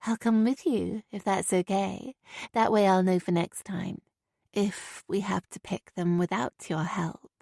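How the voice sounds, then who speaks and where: A woman voicing a calm, kind young mother. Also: medium pitch, unhurried, gravelly, dry recording, clean studio sound. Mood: gentle. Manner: gentle, reassuring.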